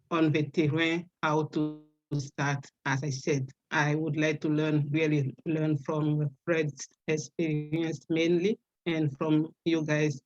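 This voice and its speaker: A speaker with a strong French accent on a video call, talking in a casual, halting way with many fillers and restarts. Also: mid-range voice, lo-fi sound. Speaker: webinar participant. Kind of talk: casual spoken remarks.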